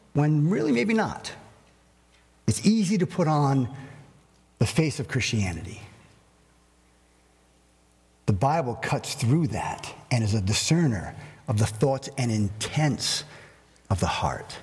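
A male pastor preaching a sermon in an animated way, acting out everyday scenes with humor. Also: medium pitch, moderate pace, long pauses, husky, in a large hall.

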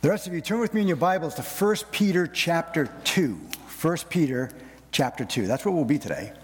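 A man's voice: fairly high pitch, animated, a little hiss or hum. Pastor guy preaching, stumbles and repeats himself a lot, long church reverb. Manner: halting, with frequent repeated words and fillers. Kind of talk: sermon. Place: church sanctuary.

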